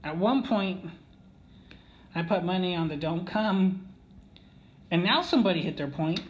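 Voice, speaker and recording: A man's voice: high voice, lively intonation, a little slow, muffled recording, slight background noise. Rambling man telling a casino story. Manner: rambling, many fillers and restarts, asks "okay?" often. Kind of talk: casual storytelling monologue.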